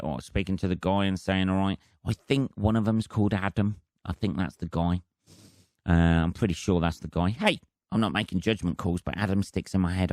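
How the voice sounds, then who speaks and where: A man with a deep, low voice rambles through a casual solo podcast, swearing freely in a dry, deadpan manner. The recording is close and dry, with no room sound. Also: no room sound. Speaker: comedian and podcast host.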